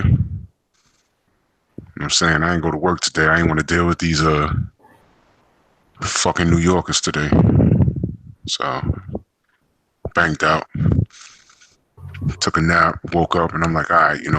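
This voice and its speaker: A man's voice: low voice, sharp tone, dry recording, rough recording. A man hosting a casual group chat, telling long rambling stories full of swearing and fillers. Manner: profane rambling storyteller. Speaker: podcast host. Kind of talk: casual group chat about games and boxing.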